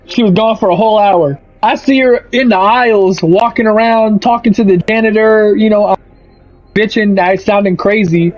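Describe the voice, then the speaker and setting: Young male streamer, high-pitched, profane storyteller; lo-fi mic with soft music bed. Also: moderate pace. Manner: profane, animated storytelling with quoted voices. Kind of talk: casual rant over gameplay. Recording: slightly muffled, faint music.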